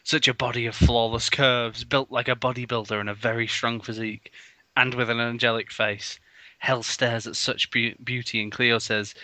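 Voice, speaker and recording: A man's voice: medium pitch, clean tone, no echo. Man reading fan fiction aloud, mocking it. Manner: bursts into loud exaggerated outbursts, mocks spelling. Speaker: comedy reader of fan fiction. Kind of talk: mock dramatic reading with commentary.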